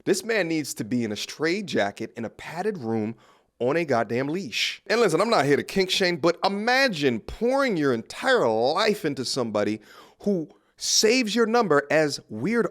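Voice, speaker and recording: A man hosting a casual commentary video, laughing and mocking in a blunt, profane way. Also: fairly high pitch.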